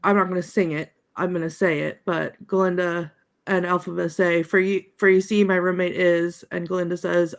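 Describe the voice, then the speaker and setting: A woman's voice: on the low side, slow, pauses often. A woman on a panel discussion, reading out favorite lines and laughing between them. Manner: reads quotes aloud with laughs. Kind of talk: casual chat, reading quotes.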